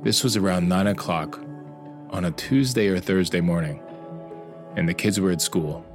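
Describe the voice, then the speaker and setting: A man's voice: deep voice, moderate pace, over music. A middle-aged man narrating his own life story in an earnest, confessional way. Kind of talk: emotional personal narration.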